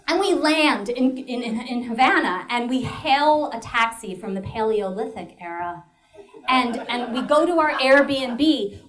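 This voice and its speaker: A woman telling a comic story in a solo show, with a high voice that swoops all over. She laughs her way through the lines and cuts in with dry, deadpan remarks. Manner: animated, laughing, with dry asides. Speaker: comedian and storyteller.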